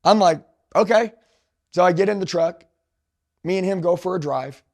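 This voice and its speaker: Man, 40s, sales trainer with a gravelly, fairly high voice. Emphatic, animated motivational storyteller. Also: fairly quick. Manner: emphatic, animated, slangy, addresses listeners as dude.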